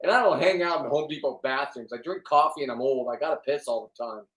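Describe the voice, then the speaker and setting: A man in his fifties, a fishing and diving vlogger, rambling in a crude, loud, joking monologue. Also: mid-range voice, fast. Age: 50s. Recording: roomy, from a distance.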